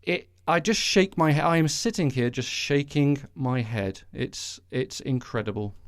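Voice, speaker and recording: A man's voice: medium pitch, a little slow, no echo, studio quality. A man hosting a solo podcast, ranting casually with sarcastic, sweary, rambling asides. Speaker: podcast host. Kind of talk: casual solo political rant.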